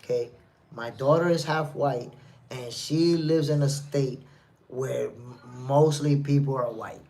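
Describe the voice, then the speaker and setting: A man's voice: medium pitch, steady tone, a little slow, warm tone. Emphatic New man. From New York City. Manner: emphatic, repetitive, argumentative. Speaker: livestream host. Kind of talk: casual live commentary reading chat.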